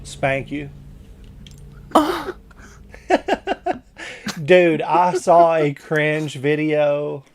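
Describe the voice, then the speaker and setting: A middle-aged man hosting a gaming stream, loud and joking with friends. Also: fairly high pitch, lively intonation, very slow, long pauses, a little hiss or hum. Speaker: streamer host. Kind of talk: casual gaming chat.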